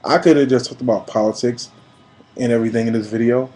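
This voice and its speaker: A man in his late thirties from New York, giving an emphatic, preachy personal video message that swings between quiet and loud. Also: medium pitch, fairly even intonation, quick pace, rough recording. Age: 30s. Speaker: vlogger.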